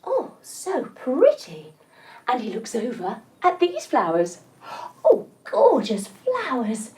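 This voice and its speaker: A woman telling a story as she leads a yoga lesson for children, playful and gentle as she guides each movement. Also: sits high, wildly swooping pitch, takes it slowly, slightly rough. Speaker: kids' yoga instructor.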